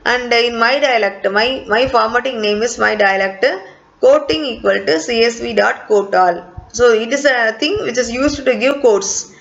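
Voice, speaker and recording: A woman's voice: a little high, moderate pace, vocal fry, a bit bright. A woman teacher, explaining a lesson step by step and repeating key points. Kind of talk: recorded online class lecture. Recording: dull lo-fi recording.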